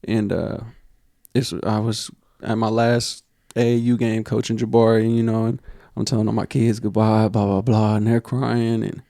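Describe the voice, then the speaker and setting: Gravelly young man telling a heartfelt story. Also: fairly low pitch, little pitch movement, normal speed, dark tone, no echo, clean studio sound. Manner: heartfelt storytelling, heavy with slang and fillers. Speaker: podcast co-host. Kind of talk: casual podcast chat.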